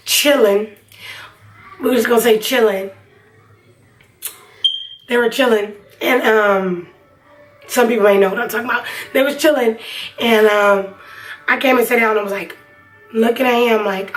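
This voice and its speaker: A young adult woman vlogger tells a personal story in a fairly high voice, a little fast, casual and rambling with lots of fillers. She sounds chatty and far from the mic, and the recording is low quality.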